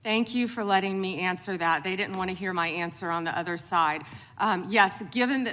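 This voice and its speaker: Brisk, emphatic woman testifying at a hearing. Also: lowish voice, sharp tone, long reverb tail. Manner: brisk, emphatic, defensive answers. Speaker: attorney general testifying. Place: congressional hearing room.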